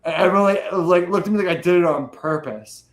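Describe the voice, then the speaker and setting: A man's voice: high-pitched, fast talker, rough recording. A young man talking casually, swearing freely and rambling with energy. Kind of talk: casual chat.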